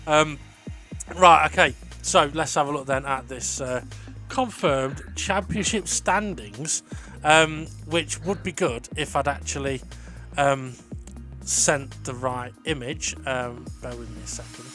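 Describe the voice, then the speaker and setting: A man hosting a sim racing league show, calling the results and trading jokes with a co-host, excitable and full of fillers. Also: medium pitch, slow, soft background music. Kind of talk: casual race commentary and banter.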